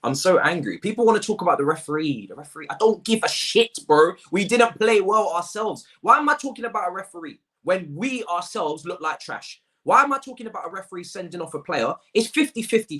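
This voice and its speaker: A man's voice: sits high, sing-song, brisk, hardly any pauses, bright, forceful tone. An exasperated man rants his way through a football review. He hammers his points home by repeating himself and leans on street slang. He speaks close to the mic. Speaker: football fan channel host. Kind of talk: ranting match review to camera.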